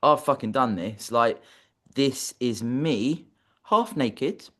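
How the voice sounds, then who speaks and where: Male host, mid-pitched, chatty and loose, swears freely. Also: takes it slowly, a bit bright, a little hiss or hum. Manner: chatty, swears casually, asks tumbling questions. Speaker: podcast host. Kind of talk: casual podcast chat.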